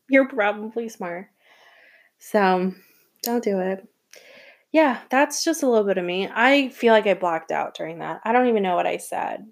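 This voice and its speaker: A woman's voice: medium pitch, expressive, normal speed, vocal fry. Young woman, from Atlanta, student podcast host, emotional, rambling, casual monologue. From Atlanta, Georgia. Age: young adult. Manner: emotional, rambling, with many restarts and laughs.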